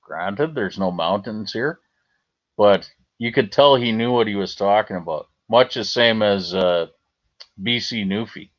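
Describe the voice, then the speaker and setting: A man's voice: on the low side, a little slow. A Canadian man chatting on a livestream, rambling, swearing freely and answering his chat. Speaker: livestream host. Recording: slightly dull lo-fi stream audio.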